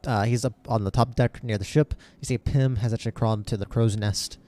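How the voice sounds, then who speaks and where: A man's voice: mid-range voice, steady tone, brisk, dark tone. A man narrating a tabletop game as game master, rambling with lots of fillers and restarts.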